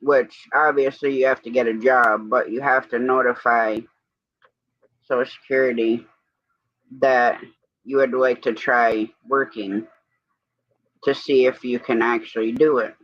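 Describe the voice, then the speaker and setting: A man's voice: medium pitch, level tone, unhurried, long pauses, no room sound, dull audio. A man hosting a livestream, telling rambling stories in casual chat and quoting back and forth with "I said". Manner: rambling storyteller, quoting others with "I said". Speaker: livestream host.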